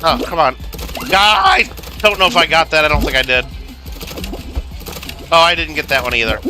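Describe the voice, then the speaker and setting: A man's voice: a little high, very animated, normal speed, over music. A man hosting a game livestream, chatting casually in a rambling way full of fillers while he plays. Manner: rambling, filler-heavy storytelling with lots of "like". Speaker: livestream gamer host.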